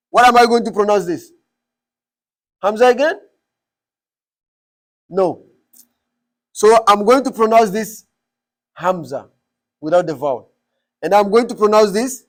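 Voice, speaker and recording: A man teaching a class, explaining step by step and quizzing students with repeated questions. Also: high-pitched. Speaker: Arabic teacher.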